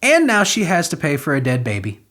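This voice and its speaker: A man hosting a comedy podcast, reading news stories aloud and riffing on them with crude, sarcastic jokes and sudden loud outbursts. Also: a little high, huge pitch swings, a little fast.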